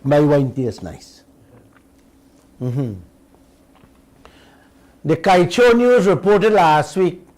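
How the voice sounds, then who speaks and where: A man's voice: high voice, darkish tone, low-quality recording. A middle-aged man with a Guyanese accent hosting a radio talk show, speaking in a folksy, emphatic way and calling his listeners uncle and auntie.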